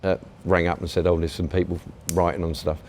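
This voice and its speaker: A man's voice: low voice, little pitch movement, quick pace, a little mellow, slight background noise. A man with a London accent, a guest on a casual podcast, telling rambling stories full of swearing and fillers. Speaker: guest graffiti writer.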